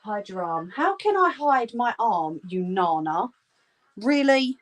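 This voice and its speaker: Slow, homely woman chatting. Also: mid-range voice, big pitch swings. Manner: reassuring, homely, calls viewers "love". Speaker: crafting livestream host. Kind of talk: casual chat while crocheting, answering viewers' comments. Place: warm room at home.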